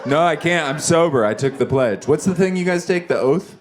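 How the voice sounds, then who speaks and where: A man's voice: on the high side, animated, brisk, background noise. A male stand-up comedian doing a club set, rambling and self-deprecating, chatting with the crowd between jokes. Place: comedy club basement stage. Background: audience laughter.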